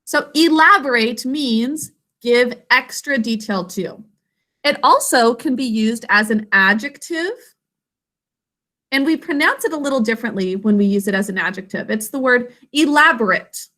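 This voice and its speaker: A woman with a fairly high, pushed, bright voice teaches an online literacy lesson over a video call. She sounds words out slowly and carefully, syllable by syllable.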